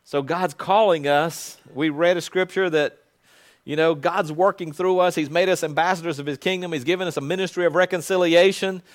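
A male pastor preaching a sermon in an earnest, conversational way that swells into loud proclamation. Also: fairly high pitch, steady tone, brisk.

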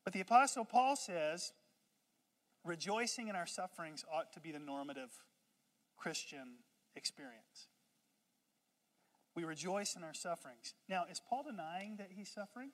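An animated preacher delivering a sermon with call-and-response, talking at a medium pitch. The voice soars high and loud in playful asides, then settles back. Long reverb of a large church hall trails every phrase. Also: moderate pace, long pauses. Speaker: pastor.

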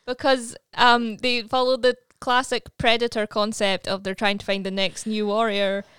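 Teasing woman co-host, smooth and dry. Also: on the high side, level tone, normal speed, fairly bright tone, dry recording. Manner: playful, teasing. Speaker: podcast co-host. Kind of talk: casual chat.

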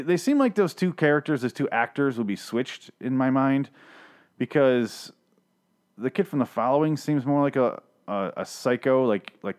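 A man casually recapping and ranting about a TV show, profane and sarcastic, rambling with frequent restarts. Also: mid-range voice. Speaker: TV show reviewer. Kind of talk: casual solo recap rant.

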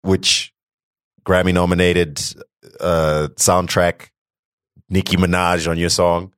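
Interviewer, male, very low voice, laid-back and halting. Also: level tone, a bit bright, clear, resonant tone, no echo, studio quality. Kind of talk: casual interview.

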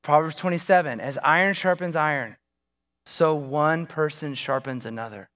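A pastor preaching a sermon in a relaxed, conversational way. He tells a story from his own life and keeps turning to the congregation with questions. His voice sits fairly high for a man. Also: moderate pace.

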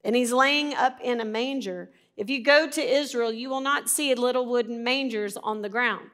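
A woman with a slightly raised voice teaches from scripture. She reads verses steadily, then talks them through conversationally, leaning on single words for emphasis and clearing her throat now and then. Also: on the high side, normal speed, a bit bright. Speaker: Bible teacher. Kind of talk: Bible reading and teaching.

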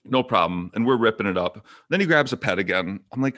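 A man's voice: lowish voice, animated, brisk, a bit bright, no echo, clean studio sound. A man co-hosting a podcast, telling a rambling story in casual chat, getting worked up and swearing often. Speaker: podcast co-host.

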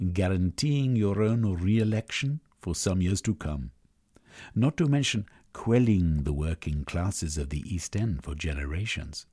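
A man voicing a cold, scheming male villain who bargains with menace, in a husky voice. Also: low-pitched, darkish tone, full character voice.

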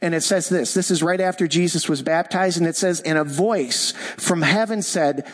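Emphatic fifty-something man preaching. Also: a little high. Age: 50s. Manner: emphatic preaching, slowing down for scripture and repeated declarations. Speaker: pastor. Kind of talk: sermon. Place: church.

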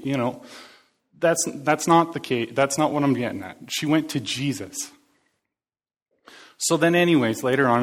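A man's voice: medium pitch, fairly bright tone. A man preaching a casual, conversational sermon, joking and talking back and forth with his congregation. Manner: chatty, jokey, interacts with the congregation.

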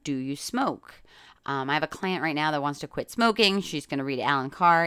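A woman's voice: low-pitched, a bit bright, clear, resonant tone, no echo, clean studio sound. A middle-aged woman from New York, a coach hosting her own podcast, chatting casually and telling stories with plenty of fillers and the odd swear word.

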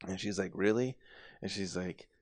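A man's voice: fairly low pitch, animated, fairly quick, no echo, studio quality. A man in casual podcast chat, retelling film scenes and acting out the characters' lines with plenty of swearing. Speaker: podcast co-host. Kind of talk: casual movie recap chat.

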